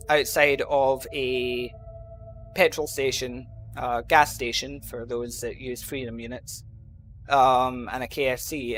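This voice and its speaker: A gaming channel host from Scotland, this man has a medium-pitched, fairly bright voice and a softened Glasgow accent. Over gameplay he tells a long, rambling story in a casual way, peppered with "um" and "you know."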